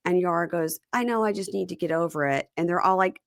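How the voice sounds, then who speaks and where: A woman hosting a casual recap chat, retelling scenes and quoting people in lively voices. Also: on the low side, fast talker, vocal fry, hardly any pauses, no echo, clean studio sound. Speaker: podcast host.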